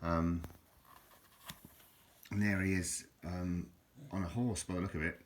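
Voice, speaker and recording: A man's voice: low-pitched, little pitch movement, a little slow, a little hiss or hum. A man chatting casually about a book at home, rambling and hesitant, with many fillers and chuckles. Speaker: vlogger reviewing a book. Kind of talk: casual chat.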